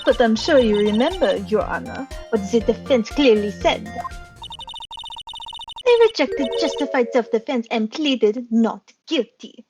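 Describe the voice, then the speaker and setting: A woman's voice: fairly high pitch, expressive, measured pace. A woman voicing an imperious young female prosecutor with a put-on German accent, reading game lines over game music. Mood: haughty. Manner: imperious, scornful.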